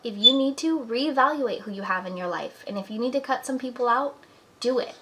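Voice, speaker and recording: A woman's voice: a little high, fairly quick, very noisy. A young woman in her twenties talking earnestly to camera at home, giving encouraging life advice in a casual chatty way. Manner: earnest, encouraging, talks with "like" and "you know". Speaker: vlogger. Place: apartment at home.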